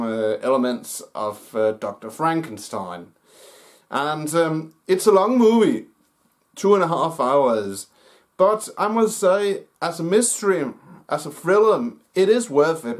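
Slow, halting man reviewing a film. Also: a little high. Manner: slow, halting, with many fillers and restarts. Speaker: movie review host. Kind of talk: casual movie review talk.

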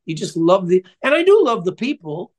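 Older high-voiced chatty storyteller man. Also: sing-song, fairly quick. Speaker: guest musician. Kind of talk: casual interview storytelling.

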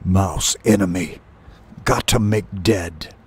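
A man's voice: low voice, takes it slowly, husky, full character voice. A man voicing a savage, fierce male sparrow king who barks broken commands. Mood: furious.

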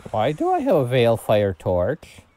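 A man's voice: medium pitch, huge pitch swings, measured pace, warm tone, no echo. A man casually commenting while he plays a game, rambling and thinking aloud with plenty of fillers. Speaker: streamer.

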